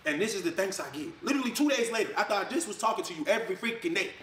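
A man with a high voice tears into his critics at a rapid clip. He sounds angry and mocks the people he quotes, and his voice rings around an echoey room. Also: animated, fairly bright tone, a little hiss or hum. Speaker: influencer addressing critics. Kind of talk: heated ranting video clip.

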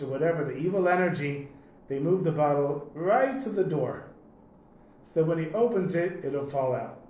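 A man teaches by telling a story, talking loosely and conversationally and clearing his throat along the way. His voice sits a little high for a man. The room is roomy and echoey, with a faint background hiss. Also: a little mellow. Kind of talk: storytelling in a lesson.

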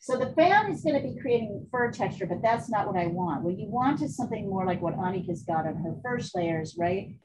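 A woman leads an online painting class in a chatty, candid way, swearing lightly as she goes. Her voice sits at an ordinary pitch. Faint background noise comes over the video call. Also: animated, brisk, hardly any pauses. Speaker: art teacher.

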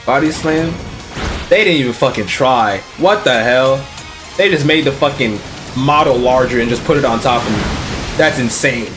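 A man streaming a video game, reacting with excitable, profane commentary and mocking the characters. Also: mid-range voice, normal speed, music in the background. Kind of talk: let's play commentary.

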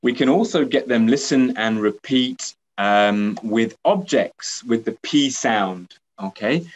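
A man leading a teacher training workshop who speaks patiently, repeats himself and keeps checking in with "okay?". He also acts out lively praise the way a teacher would give it to pupils. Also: mid-range voice, slow pace, highs cut off.

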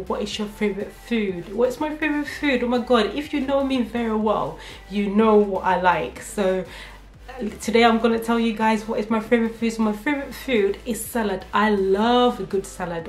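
A young woman vlogger answering viewer questions in a casual, candid chat, a little nervous about talking about herself. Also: fairly high pitch. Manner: chatty and candid, laughs often, many fillers. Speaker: beauty vlogger. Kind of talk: casual get-to-know-me Q&A. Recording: echoey room with faint music.

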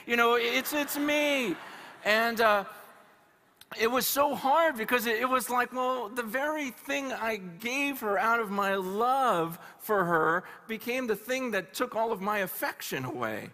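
A male pastor preaching at a conference, telling stories in an animated, conversational way with humor. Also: extremely high pitch, measured pace, slight background noise. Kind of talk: conference sermon. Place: live conference hall.

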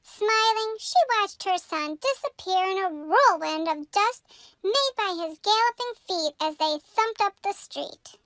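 Pug co-host, high and bright storybook reader. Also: animated, unhurried, no echo, full character voice. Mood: calm. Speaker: co-host reading a picture book. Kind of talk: storybook read-aloud.

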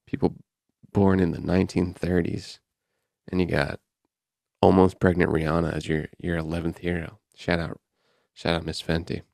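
A man's voice: low-pitched, level tone, moderate pace, creaky, long pauses, darkish tone, no room sound, clean studio sound. A man hosting a podcast, chatting offhand and wry while reading headlines aloud and riffing on them. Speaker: podcast host. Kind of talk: casual podcast chat, reading news aloud.

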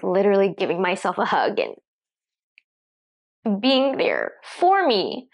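A woman fitness coach, tearful, speaking reflectively to the camera with halting restarts. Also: medium pitch. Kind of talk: emotional talk to camera. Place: seated at home.

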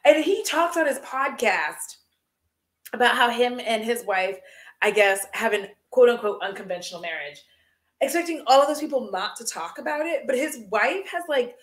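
A woman's voice: on the high side, lively intonation, normal speed, reverberant. Giggly, rambling young woman vlogger. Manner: rambling, giggly, gossipy, full of fillers. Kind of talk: casual chat while decluttering. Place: room at home.

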